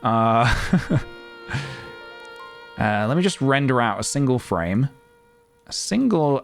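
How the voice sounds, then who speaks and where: A man in his thirties rambles cheerfully through a live stream, narrating his own work. His pitch sits in an ordinary middle register but leaps around with lively swings. Soft guitar music plays faintly in the background. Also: measured pace, long pauses. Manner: playful, rambling, talking to himself while working. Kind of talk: casual live-stream chat.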